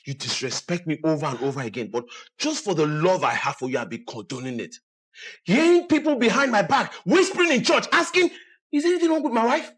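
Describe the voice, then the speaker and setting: A man's voice: medium pitch, animated, quick pace, hardly any pauses, slightly rough. An actor playing a bitter husband who confronts his wife in a film drama. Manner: bitter, accusing, heated. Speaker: film character.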